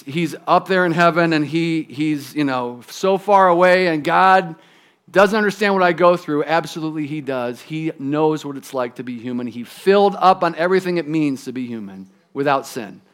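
A man preaching a sermon in a conversational, emphatic way, dropping to a hush on key phrases. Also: fairly high pitch. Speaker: pastor.

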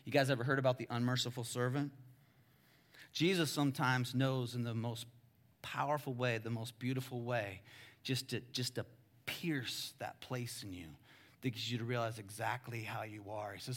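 Pastor guy preaching, bright punchy voice, chatty, goes from quiet to loud. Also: medium pitch, moderate pace. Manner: conversational, addresses the crowd as guys; dramatic, swings between hushed and loud. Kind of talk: sermon.

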